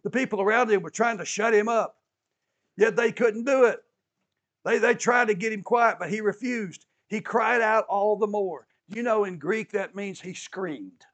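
A man's voice: sits high, normal speed, a bit bright. A man preaching a sermon as an emphatic storyteller who repeats key phrases and adds touches of humor.

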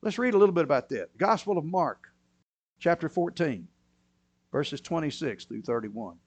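A man preaching a sermon, moving between quiet, low asides and loud, emphatic bursts. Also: animated, normal speed, no echo. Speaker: pastor.

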